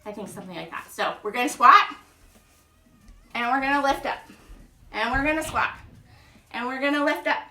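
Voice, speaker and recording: Counting reps out loud, this mom runs a chatty, upbeat home exercise session. Her high voice is expressive, pushed and bright, at a moderate pace with long pauses, heard from a distance in an echoey room at home.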